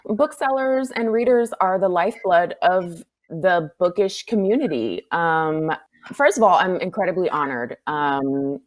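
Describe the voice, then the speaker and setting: Woman, author, acceptance speech, emotional, stumbling over words, lowish voice. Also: expressive. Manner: gushing, emotional, halting with fillers. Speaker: award-winning author.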